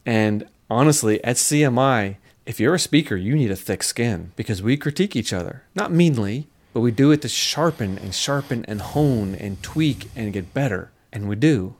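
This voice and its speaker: A middle-aged man, a scientist and speaker, talking casually in an interview and telling lively stories. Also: mid-range voice, moderate pace, few pauses. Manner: animated storyteller, acts out quotes, laughs often.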